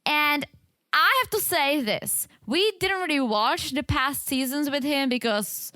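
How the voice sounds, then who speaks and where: A woman's voice: high-pitched, bright, forceful tone, no echo, studio quality. A woman co-hosting a podcast in casual chat, giggly and chatty, laughing often. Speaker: podcast co-host. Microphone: podcast microphone.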